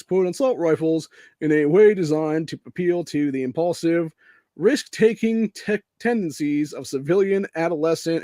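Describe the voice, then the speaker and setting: A man's voice: on the high side, warm tone, no echo, clean studio sound. An American man hosting a podcast, ranting angrily and profanely in casual speech, peppering his lines with "dude" and "man.". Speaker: podcast host. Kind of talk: angry political rant.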